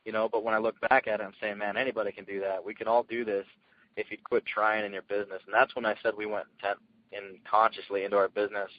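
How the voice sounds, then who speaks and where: A man telling his success story as a guest speaker, energetic and earnest, in casual storytelling. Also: lowish voice, fast, no room sound, dull audio. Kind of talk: motivational call talk.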